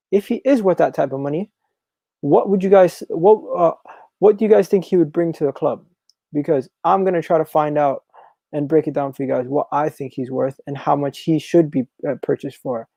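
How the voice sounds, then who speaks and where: A man hosting a live football talk stream, reading viewer comments and repeating his phrases in a chatty, animated way. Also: fairly high pitch, vocal fry, dry recording, low-quality recording. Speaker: football channel host.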